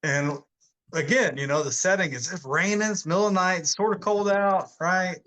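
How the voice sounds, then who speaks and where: Casual veteran guy, 40s, bright tense voice, rambles and laughs a lot. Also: high voice, normal speed, poor audio. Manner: rambling, laughs often, many fillers. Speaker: army veteran guest. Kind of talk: casual storytelling in an interview.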